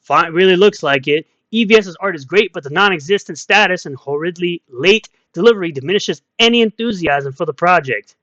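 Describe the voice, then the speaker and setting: A man's voice: sits high, animated, brisk, few pauses, fairly bright tone, no echo, dull audio. A man giving ranting online commentary in a combative, mocking way, repeating insults as he reads out comments.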